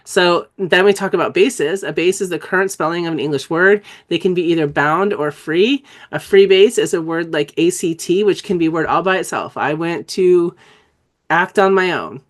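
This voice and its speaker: A woman's voice: on the low side, moderate pace. A woman who has a cold, giving an enthusiastic, conversational online teaching presentation and spelling out letters as she explains. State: has a cold, coughing and clearing throat. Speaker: dyslexia trainer presenting a webinar.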